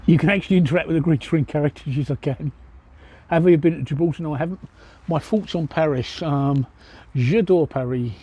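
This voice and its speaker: Cockney man livestreaming from a pub terrace, mellow, swears a lot. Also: fairly high pitch, brisk, husky. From East London, England. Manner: rambling and blunt, swears freely. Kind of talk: casual livestream chat answering viewers. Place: outdoor pub seating by a street.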